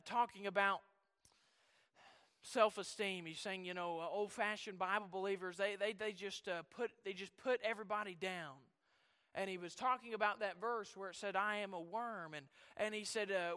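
A man preaching with a high, very bright, ringing voice that carries. He climbs into loud, shouted runs, then drops low and quiet as he reads old-fashioned scripture. The sound has a long reverb, like a big sanctuary. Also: measured pace, clean tone. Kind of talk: sermon.

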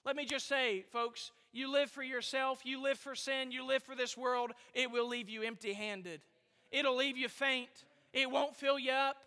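Male preacher, very high and bright voice, emphatic repetition, church hall reverb. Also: steady tone, moderate pace. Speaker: pastor. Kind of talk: sermon.

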